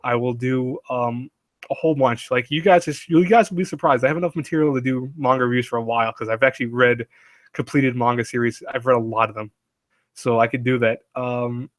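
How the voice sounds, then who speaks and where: A man's voice: mid-range voice, a little fast, no room sound, studio quality. A man hosting a casual live stream, rambling and chatty, laughing often and reading chat aloud.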